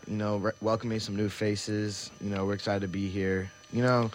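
A man hosting a podcast, laid-back with quick slang reactions. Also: fairly low pitch, steady tone, a little hiss or hum. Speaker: podcast host.

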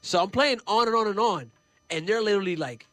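A man, a musician guest, telling stories in a lively, casual way and acting out what others said. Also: high voice, fairly quick, no echo. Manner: animated, acts out other people's lines. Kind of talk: casual storytelling.

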